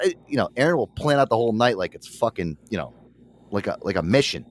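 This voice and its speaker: Middle aged podcast guy, lots of cursing, super lively swoopy voice doing his buddies' lines. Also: on the low side, quick pace. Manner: animated storyteller, acts out friends' voices, swears a lot. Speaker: podcast co-host. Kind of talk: casual chat.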